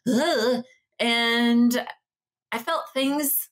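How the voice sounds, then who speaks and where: A young woman co-hosting a podcast, telling a story in casual chat, acting out quotes and jumping up in pitch when excited. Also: drawn-out words. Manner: animated storyteller, acts out quotes, jumps high when excited. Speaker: podcast co-host.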